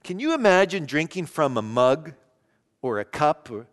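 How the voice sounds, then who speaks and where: A man preaches with a fairly high voice, pressing hard on key words and then dropping to a hush. His sermon rings out with a long reverb, as in a large church. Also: sing-song, moderate pace. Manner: earnest preaching, shifting between loud emphasis and hushed lows. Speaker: pastor.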